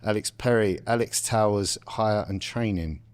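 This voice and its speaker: A young man, co-hosting a casual podcast and swearing freely in quick banter. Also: lowish voice, clear, resonant tone. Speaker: podcast co-host.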